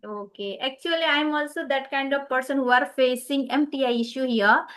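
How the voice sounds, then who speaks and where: High-voiced woman practicing conversational English. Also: moderate pace, fairly bright tone, smooth. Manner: agreeable, frequent short affirmations. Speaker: host of English practice channel.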